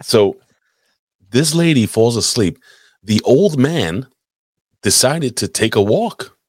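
A man's voice: mid-range voice, lively intonation, slow, husky, no room sound. A man hosting a live podcast, telling a long rambling story in casual, crude chat with lots of swearing. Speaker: podcast host. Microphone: desk mic, live stream.

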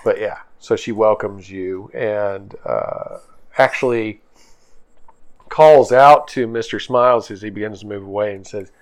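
A man's voice: on the low side, a little slow. A man narrating as game master of a tabletop game, casual and hesitant with fillers.

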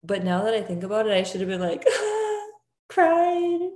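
A woman's voice: medium pitch, very animated, a little fast, a little mellow. A woman in her thirties chatting casually, full of "like" fillers. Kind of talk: casual chat. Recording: roomy echo.

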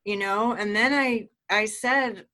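A middle-aged woman giving a personal testimony in a halting, earnest way, with many restarts. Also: mid-range voice, sharp tone.

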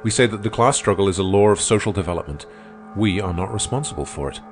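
A confident man who argues gravely and matter-of-factly, as an audiobook reader voices him. His voice is low and deep, with faint music behind it. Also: animated, quick pace, close to an everyday voice. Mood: assured. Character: confident male socialist debater, calm and grave. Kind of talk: audiobook character voice.

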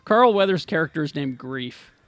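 A man's voice: on the high side, expressive, moderate pace, vocal fry, a bit bright, no echo. A man co-hosting a casual podcast, steering the talk between topics. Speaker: podcast co-host. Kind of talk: casual chat.

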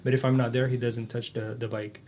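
A man's voice: medium pitch, level tone, fairly quick, darkish tone. Emphatic man telling stories, faint noise. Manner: storytelling, emphatic, frequent restarts. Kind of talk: casual chat.

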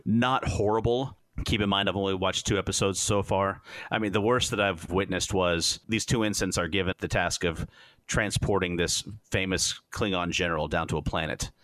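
A man hosting a casual podcast chat, reviewing a show as an animated storyteller who acts out the scenes. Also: sits low, normal speed, no echo.

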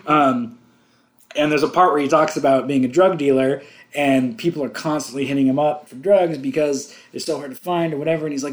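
A man co-hosting a casual movie commentary. He is jokey, laughs often and slips into quick impressions. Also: on the high side. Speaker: podcast co-host.

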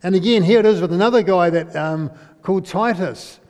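A preacher delivers a conversational sermon, often asking his listeners questions and tagging lines with "eh?". His voice sits high and is darkish in tone, moving fairly quickly, with long hall reverb on the recording.

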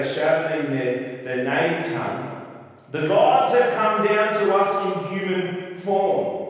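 A man's voice: a little high, recorded from a distance. Man preaching in an echoey hall. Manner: lively, self-deprecating, acts out quotes. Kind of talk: bible teaching.

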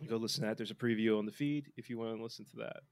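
A man's voice: on the low side, steady tone, racing, clean tone. A man co-hosting a podcast in casual sports chat, rambling with lots of fillers and restarts. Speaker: podcast co-host.

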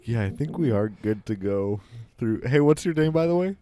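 A man's voice: mid-range voice, expressive, normal speed, warm tone, no echo, studio quality. A man chatting in a game voice chat, teasing the others.

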